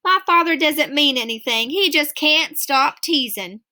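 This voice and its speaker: Woman doing a high bright mom type, fussy and kind, scolds her dad. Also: animated, a little slow, heavily acted. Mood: gentle. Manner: fussing, scolding then coaxing. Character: motherly woman, fussing and caring.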